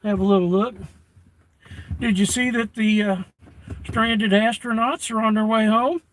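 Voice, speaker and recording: A man's voice: high voice, fairly even intonation, a little slow, fairly bright tone, slight background noise, low-quality recording. An older man chatting casually on a livestream, folksy and given to rants, reading his chat off a tablet. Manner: folksy, ranting. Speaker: live streamer.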